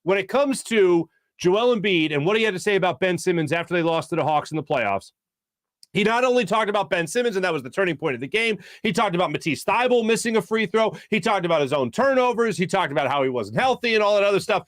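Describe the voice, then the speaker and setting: A man hosting a sports talk show, talking fast and breaking into quick impressions when he quotes people. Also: high-pitched, dry recording, studio quality. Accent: Philadelphia. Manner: animated, jumps into voices for quotes. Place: studio.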